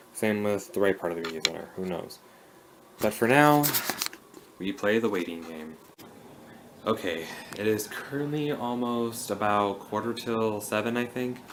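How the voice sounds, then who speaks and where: A man's voice: fairly low pitch, slight background noise, rough recording. A young man casually vlogging a home project in his bedroom, rambling and often restarting his sentences.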